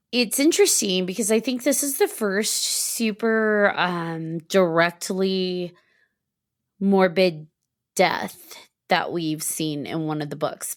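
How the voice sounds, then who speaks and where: Co-hosting a casual book-discussion podcast, a woman retells the story animatedly, acting out characters' lines and laughing often between phrases. Her voice is fairly low, with studio-quality sound and no echo.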